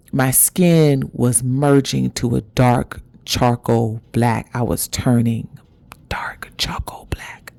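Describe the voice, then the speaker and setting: Woman, spiritual motivational talk, deep voice, dry close sound. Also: a little mellow, no room sound. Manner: intimate, conversational, addresses viewers as y'all. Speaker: spiritual vlog host.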